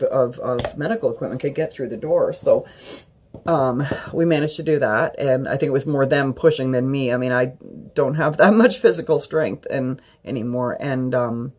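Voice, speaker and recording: Breathy woman in her fifties rambling. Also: extremely low pitch, a little mellow. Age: 50s. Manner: rambling, halting with many fillers. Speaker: vlogger. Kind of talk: personal storytelling.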